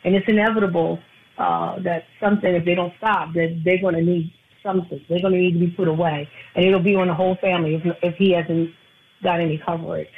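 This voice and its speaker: A woman's voice: fairly low pitch, fairly even intonation, brisk, breathy edge. A woman calling into a radio show as an insurance agent guest, talking earnestly and repeating her phone number. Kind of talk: casual radio talk. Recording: tinny phone line.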